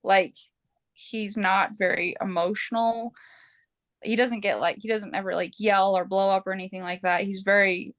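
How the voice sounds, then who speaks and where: A woman podcast host chatting casually, animated and expressive, quoting herself with big jumps in pitch. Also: moderate pace, no room sound. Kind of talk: casual conversational chat.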